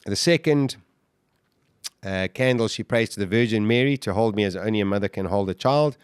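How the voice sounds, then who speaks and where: A man, a podcast guest, telling his own survival story in the first person, animated, with restarts and sudden bursts of emphasis. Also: fairly low pitch, fairly quick, clean tone, no room sound, studio quality.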